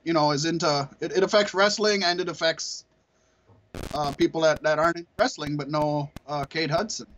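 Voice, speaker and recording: A man's voice: fairly high pitch, fairly even intonation, normal speed, a bit bright, a little hiss or hum. A man co-hosting a podcast, chatting casually, rambling and swearing with frequent laughter. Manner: rambling, profane, laughs often. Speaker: podcast co-host. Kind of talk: casual chat.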